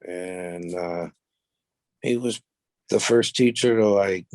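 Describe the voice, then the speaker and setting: A man's voice: deep voice, slow, a little mellow, no room sound. A man as a podcast guest, telling stories in a blunt, profane, boastful way. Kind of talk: casual storytelling interview.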